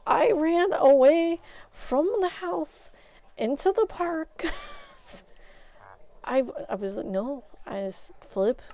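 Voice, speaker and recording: A woman's voice: high-pitched, wildly swooping pitch, very slow, long pauses, warm tone. A woman streamer telling a story in a rambling way while she plays a game, swapping in "flip" for swear words. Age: adult, has an ex-husband. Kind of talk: casual storytelling while gaming.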